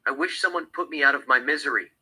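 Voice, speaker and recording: A man's voice: mid-range voice, quick pace, bright, forceful tone, slightly rough, poor audio. A man reading the lines of a distraught woman in rehab in his own plain voice. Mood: desperate.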